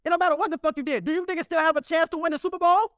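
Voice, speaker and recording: Fast, high-voiced man arguing loudly. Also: steady tone, no echo, clean studio sound. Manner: loud, profane, repeats himself insistently. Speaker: sports debater. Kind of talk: heated casual sports argument.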